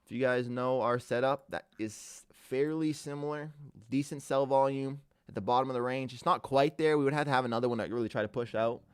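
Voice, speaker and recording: A man's voice: medium pitch, fairly even intonation, brisk, clear, resonant tone, dry recording. Laid-back male day-trading streamer. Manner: laid-back, upbeat, greets chatters as king and brother. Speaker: live-streaming day trader. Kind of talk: live trading commentary with chat shout-outs.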